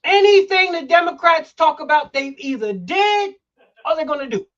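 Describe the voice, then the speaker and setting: A man's voice: very high voice, expressive, moderate pace, a bit bright. Man, middle-aged, heated talk-show host, emphatic, dull lo-fi recording.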